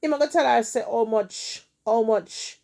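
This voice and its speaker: Jamaican woman host with a gravelly voice, retelling gossip with emphatic, repetitive drama. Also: a little high, a little slow, warm tone. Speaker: storytelling host. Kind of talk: retelling a story in casual chat.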